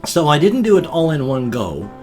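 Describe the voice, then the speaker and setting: Older American man, daily vlogger, lively rambling delivery with a soft guitar bed underneath. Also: fairly high pitch, normal speed. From United States. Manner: rambling, self-deprecating, animated storytelling. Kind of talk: casual vlog chat.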